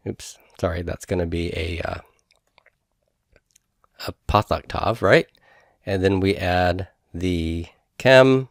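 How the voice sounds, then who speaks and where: A middle-aged man with a drawl gives a grammar lecture, breaking words into syllables and spelling out each rule with patience. His voice sits on the low side and is recorded close up in a dry, deadened space. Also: creaky, dry recording. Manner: patient, explanatory, sounds out syllables slowly. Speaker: Hebrew grammar teacher.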